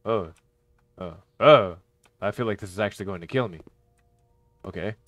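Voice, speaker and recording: A man giving playthrough commentary on a horror game, reacting with excited yelps and shouts. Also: low-pitched, a little fast, no room sound, clean studio sound. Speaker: gaming YouTuber.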